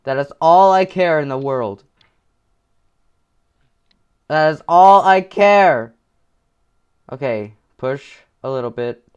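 A man giving gameplay commentary with headphones on, muttering to himself and swinging into frustrated yelling. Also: a little high, lively intonation, slow, pauses often, clean tone, dull audio. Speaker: gaming video creator.

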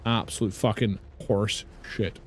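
A man's voice: fairly low pitch, steady tone, measured pace, a little hiss or hum. A man with a British accent doing live gameplay commentary, swearing and ranting at the game in exasperation. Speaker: streamer.

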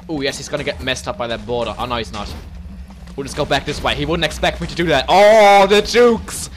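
A young man giving excitable gameplay commentary, yelping for help, laughing often and dropping into low muttered asides. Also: a little fast, faint music behind. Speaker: gaming video host.

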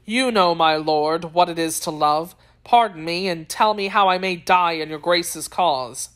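A woman's voice: fairly low pitch, a little slow, close to an everyday voice. A woman voicing a hot-headed, jealous young male swordsman who speaks in an earnest, impassioned way in an audiobook reading.

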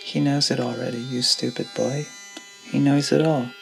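A man's voice: medium pitch, fairly even intonation, normal speed, gravelly, lightly acted, poor audio. A man voicing a scornful, domineering old father who mocks and accuses his son, with music underneath. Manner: mocking, harsh, accusing.

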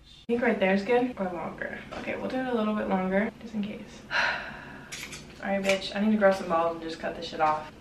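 A woman's voice: medium pitch, steady tone, normal speed. Anxious young woman swearing, roomy far camera. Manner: anxious, swearing, self-talk while cutting hair. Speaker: vlogger. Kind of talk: casual vlog, talking to camera. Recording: roomy, distant camera with background noise.

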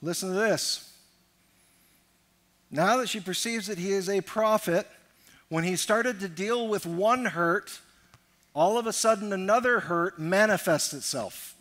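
High, bright-voiced preaching pastor. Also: male voice, unhurried, long pauses. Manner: emphatic preaching, swings from loud declarations to quiet asides; acts out quoted lines in changed voices. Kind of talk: sermon.

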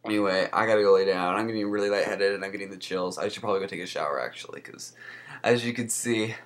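A young man with a fairly low voice talks through a sick-day vlog. He sounds congested and short of breath, and he coughs. His delivery is sarcastic and rambling, with sudden leaps upward in pitch. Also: fast, fairly bright tone. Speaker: vlogger.

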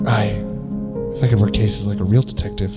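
A man voicing a sneaky woman stealing a pie off a windowsill, muttering hushed asides through a tough-guy speech. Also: lowish voice, steady tone, fairly quick, over loud music, voice pushed down, natural voice.

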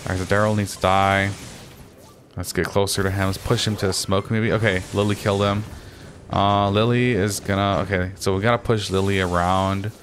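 A young gaming commentator talks casually over gameplay, swearing and ranting at opponents, with restarts and fillers, and his pitch climbs when he gets agitated. His voice is otherwise level and a bit bright at a moderate pace, with a little hiss or hum.

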